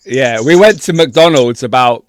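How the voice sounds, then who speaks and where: A man's voice: mid-range voice, a little slow, no room sound, studio quality. A young adult man, a podcast co-host, telling a long anecdote in casual chat, full of swearing.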